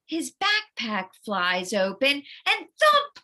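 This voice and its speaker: Woman, teacher, children's story read-aloud, expressive, sound effects, slightly high voice, slow.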